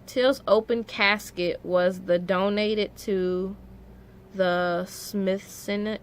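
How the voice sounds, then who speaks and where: A young woman speaks to her viewers at an unhurried pace in a middle-range voice. She tells the story casually, scattering "like" through her sentences, and grows openly emotional and indignant. It sounds like an everyday vlog. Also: mid-range voice, steady tone, a little hiss or hum. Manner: emotional, many "like" fillers, rising indignation. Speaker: vlogger.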